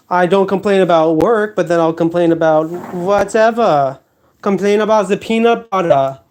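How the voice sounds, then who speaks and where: Male live-stream host, unhurried pace, emphatic and repetitive, joking monologue. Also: high voice. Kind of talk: rambling casual monologue.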